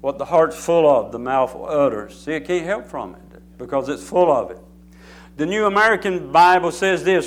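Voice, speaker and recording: A man's voice: on the high side, expressive, normal speed. A man preaching a sermon, repeating phrases and building emphasis as he speaks. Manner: repetitive, emphatic preaching with rising intensity.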